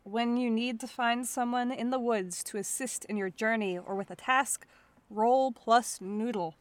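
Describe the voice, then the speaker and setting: A woman's voice: a little high, a little slow, no echo. A woman playing a tabletop game, cheerful and chatty. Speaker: player. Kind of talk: casual tabletop role-play.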